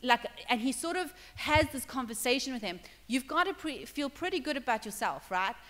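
A woman's voice: high-pitched, expressive, moderate pace, a bit bright. A woman pastor preaching a sermon in a conversational way, acting out dialogue and checking in with her listeners. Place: church hall. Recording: long reverb in a church hall.

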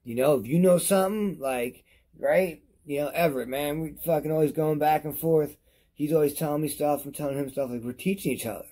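A man reviews products on his vlog in a rambling, profane rant to the camera while high, repeating himself as he goes. His delivery is brisk and mellow.

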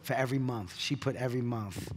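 Male comedian, mid-pitch, animated onstage storyteller for a keynote interview, laughs through his own anecdotes. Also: fast, slight background noise. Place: conference stage.

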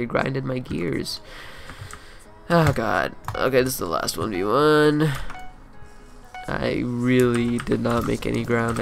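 A young man giving profane, running commentary over his own game, muttering asides and then yelling trash talk at opponents. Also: medium pitch, creaky. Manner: profane, swinging between mumbled asides and yelled trash talk. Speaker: gameplay commentator. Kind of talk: live gameplay commentary.

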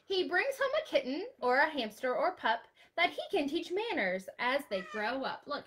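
A woman's voice: high voice, sing-song, moderate pace, fairly bright tone. A woman librarian holding an online storytime for young children, reading aloud and singing with a sing-song, exclaiming manner.

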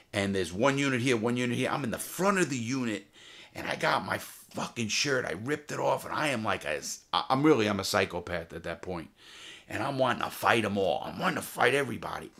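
A former jewel thief telling his prison stories in a casual, profane, animated way, full of restarts. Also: fairly low pitch, creaky, slightly rough. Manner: profane, animated, heated retelling with many restarts. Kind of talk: casual storytelling to camera.

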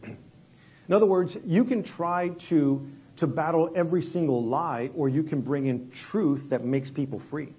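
A middle-aged man preaching as a guest pastor, telling stories conversationally with many restarts and sudden hushed moments. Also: on the high side, unhurried, husky. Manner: conversational, repeats words and restarts, drops quiet for dramatic story moments. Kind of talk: sermon with storytelling.

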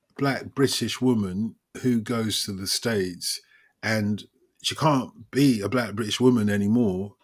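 A man hosting a conversation, telling stories in a lively, opinionated way. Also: on the low side. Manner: storytelling, animated and opinionated. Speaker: host. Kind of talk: casual chat.

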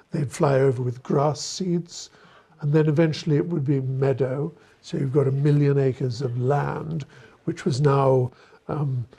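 A man's voice: on the high side, creaky, warm tone, slightly rough. A man giving an author talk, storytelling in a discursive way with wry, self-deprecating asides. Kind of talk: storytelling lecture answering questions.

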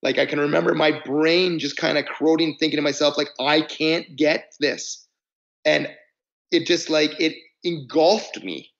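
A gravelly-voiced man in his forties tells a tour story in a loose, rambling way. He restarts sentences and stretches words for emphasis. The audio sounds a little dull and lo-fi. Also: a little high, steady tone, moderate pace. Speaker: podcast guest, musician. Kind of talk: casual chat, storytelling.

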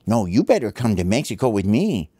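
A man's voice: fairly low pitch, very animated, a little fast, dark tone, husky, no room sound. A man voicing an earnest, slightly nervous buddy who bravely goes first.

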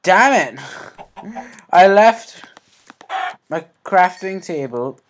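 A man's voice: sits high, animated, drawn-out words, slight background noise. A man giving let's play commentary, rambling to himself and yelping at sudden scares. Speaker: gaming YouTuber.

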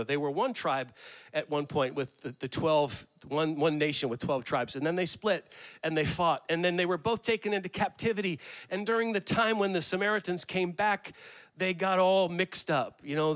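A middle-aged man preaching with a slightly high voice, lively and conversational. He moves between quiet asides and rising, emphatic stretches, and he acts out little quotes as he goes. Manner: animated, conversational preaching with rhetorical questions and acted-out quotes. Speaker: pastor. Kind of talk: sermon.

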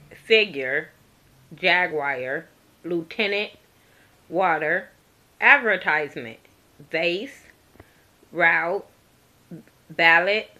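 A woman's voice: on the low side, pushed and bright. A woman from Compton, California, chatting bluntly and jokingly to the camera at home, swearing freely and laughing often. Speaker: vlogger. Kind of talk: casual chat to camera. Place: at home, indoors. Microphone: camera in front of her.

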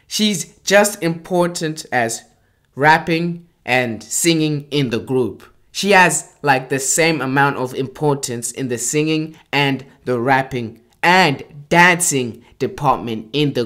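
Young adult vlogger, enthusiastic casual commentary, animated delivery, unhurried pace, keeps circling back to exclamations. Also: mid-range voice. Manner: excitable, repeats exclamations and phrases.

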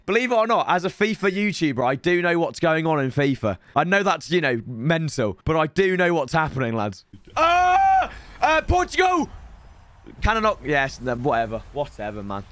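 Opening packs on a live stream, a hoarse man with a British accent and medium pitch commentates excitedly, breaking into shouts whenever there's a big reveal.

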